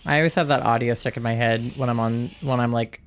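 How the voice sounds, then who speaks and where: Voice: medium pitch, steady tone, quick pace. A young-adult live streamer chatting casually and rambling while playing a game, often breaking into laughter.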